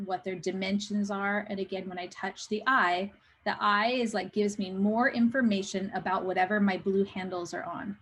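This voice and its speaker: A woman presenting to teachers on a video call, walking through software casually with loose, filler-filled phrasing. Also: mid-range voice, low-quality recording. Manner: chatty, loose, many fillers.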